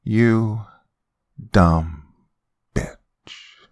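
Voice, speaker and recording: A man voicing a demonic female emergency dispatcher who speaks calmly and then turns mocking. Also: deep voice, moderate pace, no room sound, full character voice. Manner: calm then mocking, cackling.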